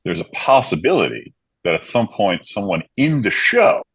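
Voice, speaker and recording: A man guest-hosting a podcast, speaking casually with hesitant, halting starts. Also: on the low side, big pitch swings, a bit bright, slightly rough, no room sound. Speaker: guest co-host. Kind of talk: casual chat.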